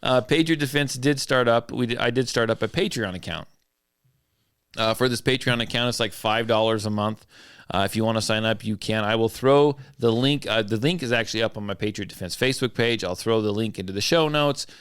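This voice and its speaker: A man's voice: fairly low pitch, a little fast, a bit bright, clean tone, no room sound, clean studio sound. Laid-back man hosting a podcast. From southern Idaho. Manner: loose, joking, self-deprecating. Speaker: podcast host. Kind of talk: casual chat.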